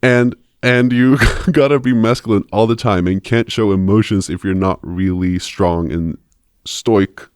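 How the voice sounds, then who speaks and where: A man's voice: lowish voice, a little slow, darkish tone, clean tone, no room sound, studio quality, natural voice. A man reading out a post in the voice of a clueless, grumbling man, with a mock-earnest tone and small chuckles. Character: clueless grumbling cis man posting online.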